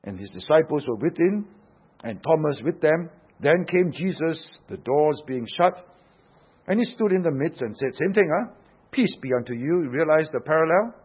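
A male preacher delivers his sermon with a husky edge to his voice. He is emphatic, dropping into hushed tones and then pressing hard on key phrases. The recording sounds dull and lo-fi. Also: fairly high pitch, expressive, moderate pace. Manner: emphatic, swings from hushed to loud.

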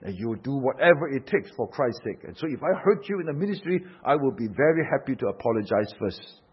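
A man's voice: mid-range voice, sing-song, quick pace, slightly rough. A man preaching a sermon, emphatic, asking rhetorical questions and swelling and dropping his force. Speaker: pastor. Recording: dull lo-fi sound.

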